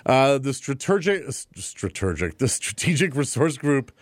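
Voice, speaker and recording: A man co-hosting a relaxed morning podcast, easygoing and quick to laugh. He talks at an everyday pitch, filling gaps with ums and you-knows. The sound is dry and close, with no room around it. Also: no room sound. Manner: easygoing, laughs often, uses many fillers. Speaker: podcast co-host. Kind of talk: casual morning podcast chat.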